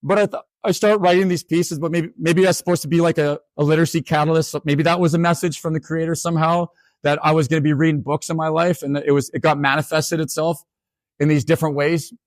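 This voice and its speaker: A man in his forties from Canada, giving a humorous storytelling talk as a keynote speaker, animated and self-mocking with quick asides. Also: fairly high pitch, no echo. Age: 40s.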